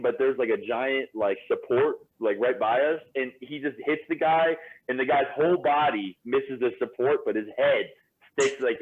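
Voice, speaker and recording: A man guesting on a podcast, telling animated stories with lots of fillers and laughter. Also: medium pitch, husky. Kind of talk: casual storytelling. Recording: tinny phone-like line.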